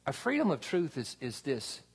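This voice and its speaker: Gravelly, lively-voiced man preaching. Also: mid-range voice, normal speed. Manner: conversational preaching with call-and-response asides. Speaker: pastor. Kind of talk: sermon. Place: church sanctuary.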